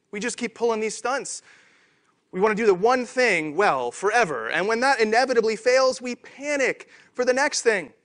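A man giving a conference keynote talk on stage, animated and self-deprecating. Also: high voice. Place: conference stage before an audience.

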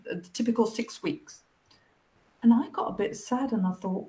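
A woman with a somewhat high voice shares her story as an interview guest. She keeps slipping into the voices of people from her past, animated and expressive. The sound comes over a video call. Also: moderate pace. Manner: animated, acts out past conversations.

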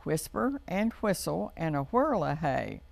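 A woman's voice: low voice, big pitch swings, a little slow, creaky, exaggerated voice. A woman doing a sing-song boastful March wind.

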